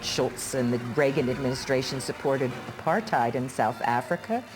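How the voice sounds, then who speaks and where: A woman feminist writer in a documentary interview, recalling events in an earnest, measured way. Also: rumbling low, over music.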